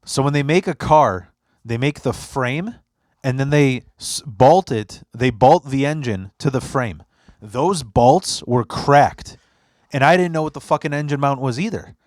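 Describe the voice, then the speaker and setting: Speaking a little slowly in a mid-range voice, a young podcast host tells stories over relaxed chat. He's an animated narrator who acts out what people said and swears often. The recording is dry and studio quality.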